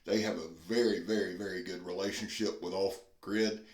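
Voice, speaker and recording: A man with a fairly low voice talks through a knife review in a relaxed, folksy way. He sounds earnest and plain-spoken, and the recording has a noticeable roomy echo. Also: moderate pace. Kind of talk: casual review vlog.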